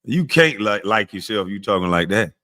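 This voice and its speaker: This man hosts a casual stream and roasts chat, trash-talking between drags on a smoke. He heckles in a voice that jumps high, then calms down in a slow, low tone.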